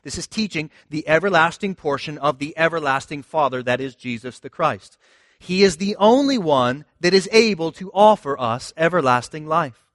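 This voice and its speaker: A man's voice: a little high, a bit bright, no echo, studio quality. A man pastor preaching a sermon in a conversational, emphatic way, often asking the listeners rhetorical questions.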